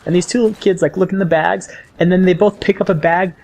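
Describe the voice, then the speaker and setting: A man's voice: high voice, fairly even intonation, fast talker, darkish tone. A young man hosting a gaming channel, telling rambling, chatty stories while he plays. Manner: rambling, chatty storytelling between game reactions. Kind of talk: casual gameplay commentary.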